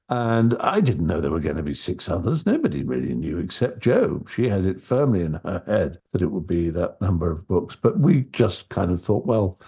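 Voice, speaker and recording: A man being interviewed, telling stories in an articulate but halting way, often restarting his sentences. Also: deep voice, mellow, slightly rough. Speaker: interview guest, audiobook narrator. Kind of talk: relaxed anecdotal conversation.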